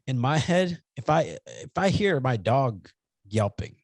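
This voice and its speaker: A young man co-hosting a podcast in casual chat, telling rambling, animated stories and swearing freely. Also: mid-range voice, a little slow, no room sound. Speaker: podcast co-host.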